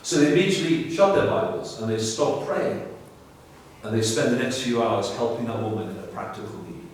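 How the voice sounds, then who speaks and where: Pastor preaching in an echoey church. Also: male voice, medium pitch, sing-song, brisk, distant mic, a little hiss or hum. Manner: earnest, emphatic, asks rhetorical questions. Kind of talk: sermon. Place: church sanctuary.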